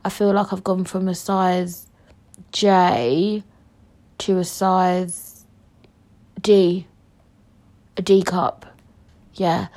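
A woman's voice: lowish voice, steady tone, drawn-out words, long pauses, darkish tone. A young woman, hosting a casual story-time podcast, brash and jokey, swearing freely and rambling through her rants. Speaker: podcast host.

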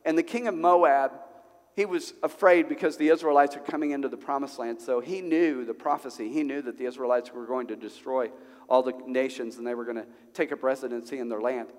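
A male pastor preaching a sermon at a church service, conversational and animated, full of rhetorical questions. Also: medium pitch, fairly quick. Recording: long hall reverb.

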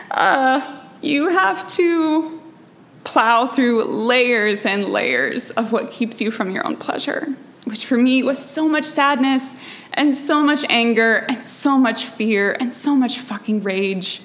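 A woman's voice: a little high, slow pace, a bit bright. A young adult woman telling an intimate personal story on stage, emotional and reflective. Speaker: storyteller and guest.

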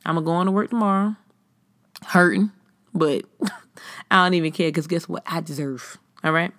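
A woman's voice: on the low side, moderate pace, dry recording, studio quality. Profane ranting podcast woman. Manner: blunt, profane, animated ranting. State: tipsy, slightly slurring. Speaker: podcast host. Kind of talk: casual podcast chat.

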